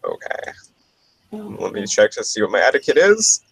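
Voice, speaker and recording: A man's voice: on the low side, sing-song, normal speed, vocal fry, rough recording. A man playing a tabletop game, thinking aloud and asking questions about his character's skills. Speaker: player.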